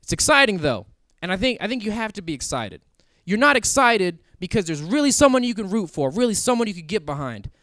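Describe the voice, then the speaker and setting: A man's voice: high voice, brisk, hardly any pauses, dry recording, studio quality. A young man from Kansas City doing a crude stand-up comedy set on stage before a live audience. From Kansas City, USA. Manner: crude, animated storytelling.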